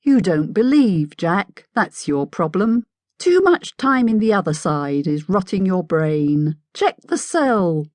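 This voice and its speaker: A woman's voice: on the low side, very animated, takes it slowly, darkish tone, no echo, pitched above the performer's own voice. A woman voicing a mad, sing-songy male hatter with an unhinged, wheedling manner in an audiobook. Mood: petulant. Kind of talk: audiobook character voice.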